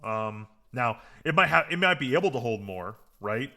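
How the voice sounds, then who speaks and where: A man's voice: mid-range voice, moderate pace. A man co-hosting a podcast, talking casually with lots of fillers and getting heated as he picks apart a TV episode. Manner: rambling, filler-heavy, gets heated and animated. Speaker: podcast co-host. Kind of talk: casual chat recapping a TV episode.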